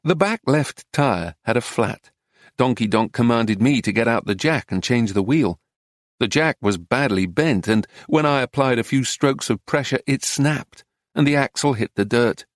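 A man reads a memoir aloud in a measured, even storytelling voice. His pitch sits in the middle for a man. The recording is dry and close, with no room around it. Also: no room sound. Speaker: narrator. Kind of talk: audiobook narration of a memoir.

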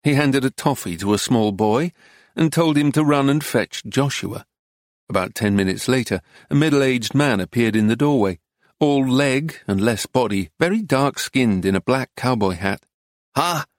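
Male narrator, mid-pitched, steady travelogue read, dry close mic. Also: normal speed, no room sound. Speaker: audiobook narrator. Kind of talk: scripted narration.

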